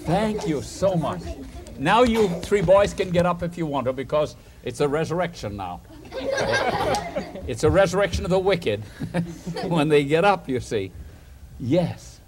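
A man preaching a storytelling sermon, an animated storyteller who chuckles between points and puts questions to his listeners. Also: fairly high pitch, a little slow, noisy background.

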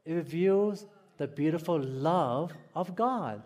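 Chuckling Hawaiian pastor, high voice. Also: male voice, lively intonation, slow pace, a little mellow. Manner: storytelling, chuckling, asks the congregation questions. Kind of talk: sermon.

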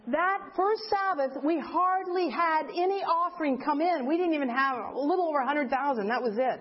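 High-voiced older woman telling a story. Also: fairly quick, few pauses. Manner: animated storyteller acting out quotes. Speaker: speaker. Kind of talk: sermon storytelling. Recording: dull lo-fi sound.

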